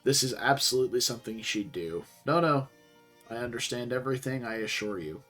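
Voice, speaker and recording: A man voicing a tired office-worker character, reading game dialogue in a flat, dry, low-key way. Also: brisk, soft background music, natural voice. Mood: weary.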